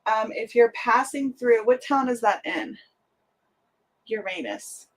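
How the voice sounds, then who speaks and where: A woman's voice: fairly high pitch, steady tone, normal speed, rough recording. A young woman hosting a casual craft livestream, chatty and giggly, jumping from topic to topic. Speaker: craft channel host.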